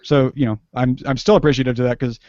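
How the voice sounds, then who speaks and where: A man's voice: medium pitch, steady tone, fast, a little mellow, no room sound. Rambling young man on a podcast. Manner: rambling, self-interrupting, laughs often. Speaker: podcast guest. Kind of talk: casual podcast chat. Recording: dull lo-fi recording.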